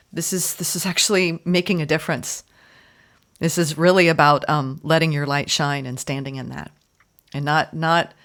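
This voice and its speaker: A woman giving a spoken tarot reading, gushing and emphatic, often repeating words and filling pauses. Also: on the low side, a bit bright. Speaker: tarot reader.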